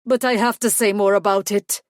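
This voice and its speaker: A woman's voice: on the high side, a little slow, dry recording, clean studio sound, voice pushed up, close to an everyday voice. A woman reading a stiff, desperate werewolf man. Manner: stiff, then pleading. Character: grizzled desperate male werewolf.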